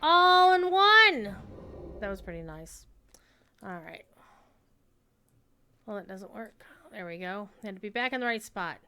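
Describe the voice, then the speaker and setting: A woman's voice: medium pitch, moderate pace, long pauses, a bit bright, smooth. A woman live-streaming a video game, chatting casually with her viewers and reacting to the play. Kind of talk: casual live-stream commentary while gaming.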